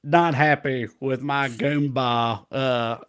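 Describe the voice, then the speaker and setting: A man's voice: mid-range voice, fairly even intonation, takes it slowly, fairly bright tone, smooth. Laughing Southern man hosting a chat show. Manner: joking, self-deprecating, laughs often. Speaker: show host. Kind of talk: casual comedic chat, reading viewer comments.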